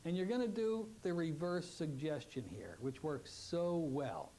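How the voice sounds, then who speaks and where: A man teaching a hypnotherapy technique, giving slow, drawn-out suggestions and acting out the client's replies. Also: on the high side, lively intonation, warm tone, slight background noise. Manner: acts out client and part voices in quick exchanges. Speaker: hypnotherapy instructor. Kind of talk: teaching lecture with demonstrations.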